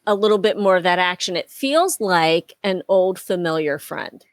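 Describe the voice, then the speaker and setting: A woman's voice: lowish voice, moderate pace, dry recording, clean studio sound. A woman co-hosting a podcast, speaking hesitantly and thoughtfully in casual chat. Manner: hesitant, thoughtful, many fillers. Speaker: podcast co-host.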